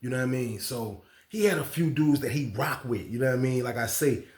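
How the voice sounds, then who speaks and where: A man's voice: mid-range voice, a little fast. A man from Virginia hosting a casual storytime, talking in a rambling, slangy way that keeps checking in with the listener. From Norfolk, Virginia. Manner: rambling, slangy, keeps asking "you know what I mean". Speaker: storytime channel host. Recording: roomy echo.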